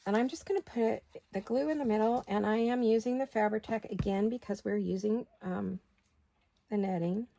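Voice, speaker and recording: A woman's voice: medium pitch, moderate pace, creaky, dark tone, no room sound. A middle-aged woman hosting a craft video, chatting casually and thinking aloud as she works. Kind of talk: casual craft-along chat.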